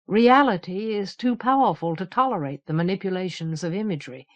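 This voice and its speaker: A woman voicing a withdrawn, troubled young male imager in an audiobook, speaking in a measured, guarded way. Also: medium pitch, dull audio, lightly acted. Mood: brooding. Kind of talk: audiobook character reading.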